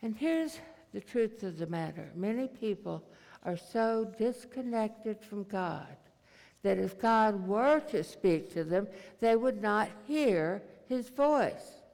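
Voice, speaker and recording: A preacher delivering a sermon in a slow, deliberate cadence built on repetition. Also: mid-range voice, lively intonation, vocal fry, a little mellow, in a large hall.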